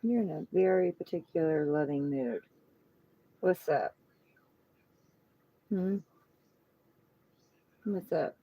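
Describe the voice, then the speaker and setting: A woman's voice: lowish voice, slow, long pauses, husky, lo-fi sound. A middle-aged woman hosting a casual livestream at home on her phone, chatting loosely and cooing fondly to her pet. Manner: relaxed, chatty, coos affectionately to her pet. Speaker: tarot reader livestream host.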